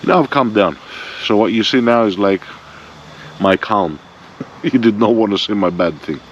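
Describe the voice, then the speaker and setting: Blunt swearing guy in his 40s ranting on a bike vlog, lowish voice, dull camera mic sound. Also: moderate pace. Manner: blunt, profane, rambling. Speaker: motorbike vlogger. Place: outdoors with a motorbike. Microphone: bike-mounted front camera. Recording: dull lo-fi sound, faint vehicle noise.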